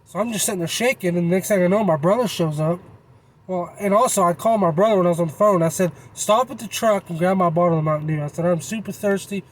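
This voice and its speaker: Excited man telling a hunting tale. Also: high voice, fast, poor audio. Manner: excited, rambling, folksy. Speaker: channel host. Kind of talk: casual storytelling.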